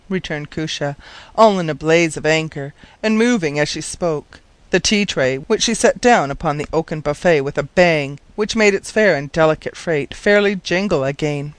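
A man reading a story aloud in measured, wry scripted narration. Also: fairly high pitch, no echo. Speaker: audiobook narrator.

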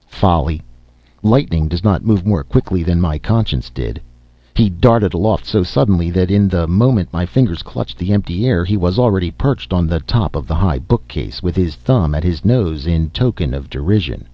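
A man's voice: low voice, animated, normal speed, dry recording, lo-fi sound. A man narrating a classic story in a dramatic, theatrical audiobook reading.

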